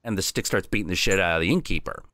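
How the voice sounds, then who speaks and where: A man hosting a stream, telling a folk tale in a casual, crude, animated way. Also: low voice, rapid-fire, no room sound, studio quality. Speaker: streamer host.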